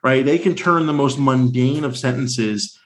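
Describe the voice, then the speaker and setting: A man co-hosting a casual film discussion, talking with animated energy and dropping into silly voices. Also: medium pitch, measured pace. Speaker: podcast co-host.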